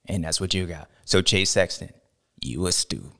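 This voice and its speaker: A man hosting a casual sports podcast, talking in a playful, animated way and drawing out and shouting words for emphasis. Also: low voice, moderate pace, gravelly. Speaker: podcast host.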